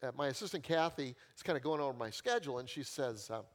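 A man's voice: medium pitch, lively intonation, fast. A male pastor preaching a sermon in a conversational, storytelling way, with self-deprecating humor and key phrases repeated for emphasis.

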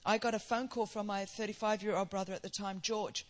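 A woman's voice: mid-range voice, steady tone, brisk. Australian woman preaching her testimony. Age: 40s. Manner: storytelling, rising to emphatic proclamation. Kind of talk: sermon testimony.

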